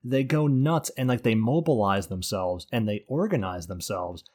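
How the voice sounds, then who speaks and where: A man in a casual gaming chat, animated and sarcastic, swearing freely as he rants. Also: fairly low pitch, moderate pace.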